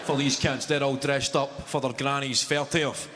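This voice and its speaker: A man with a Glaswegian Scottish accent performing a stand-up comedy set, telling stories quickly and mimicking other voices. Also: mid-range voice, little pitch movement. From Scotland. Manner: quick storytelling, mimics posh English voices. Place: large theatre stage. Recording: live hall with loud crowd noise.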